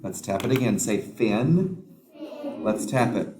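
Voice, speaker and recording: Slow, patient male phonics teacher. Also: fairly low pitch, expressive, background noise. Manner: slow, patient, sounding out letters. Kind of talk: phonics lesson for young children.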